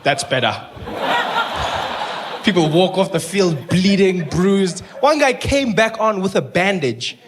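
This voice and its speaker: A man performing a stand-up comedy set, telling stories in an animated way with stammered restarts. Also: high-pitched, slow pace, background noise. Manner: animated storytelling, stammering restarts, acting out voices.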